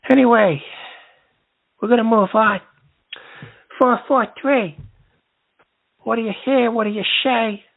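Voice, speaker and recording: A man's voice: extremely high pitch, steady tone, moderate pace, creaky, pauses often. A male host of a call-in advice show, combative and rambling, trading insults with callers. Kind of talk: call-in radio show hosting. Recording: lo-fi phone-like line.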